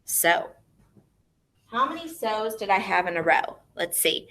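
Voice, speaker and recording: A woman teaching a music lesson to young children online. She speaks expressively and clearly, asking questions and then answering them herself. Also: mid-range voice, big pitch swings, a little slow, long pauses, sharp tone.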